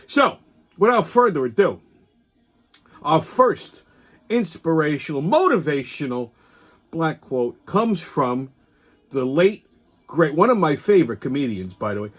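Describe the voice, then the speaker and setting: A man's voice: fairly high pitch, very animated, moderate pace. Swaggering, profane man on a rant. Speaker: host. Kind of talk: comedic rant.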